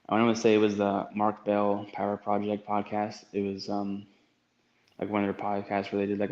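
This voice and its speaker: A man's voice: fairly low pitch, darkish tone, echoey room, highs cut off. A man from the United States answering interview questions in a hesitant way, with many fillers. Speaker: guest athlete.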